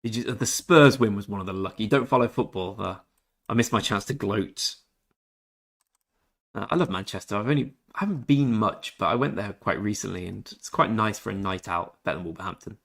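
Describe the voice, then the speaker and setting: Laid-back English man, lowish voice. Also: fairly quick, creaky, fairly bright tone. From England. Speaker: game streamer. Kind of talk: casual livestream chat with viewers.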